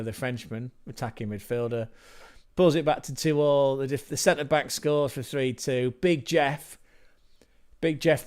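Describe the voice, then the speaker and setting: A man hosts a casual livestream, talking loosely and drifting between thoughts. His voice sits at an ordinary middle pitch, and he fills the chat with joking asides and the occasional swear word. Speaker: livestream host.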